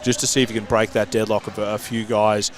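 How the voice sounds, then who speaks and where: A man's voice: lowish voice, level tone, fast talker. Chatty man calling strongman lifts. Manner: chatty, analytical, self-mocking. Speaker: commentator. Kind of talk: live sports commentary.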